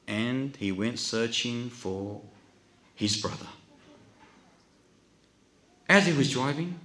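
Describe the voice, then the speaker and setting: A man preaching through a dramatic story, swinging between hushed and loud delivery. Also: medium pitch, expressive, slow, pauses often, roomy sound. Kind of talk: sermon storytelling.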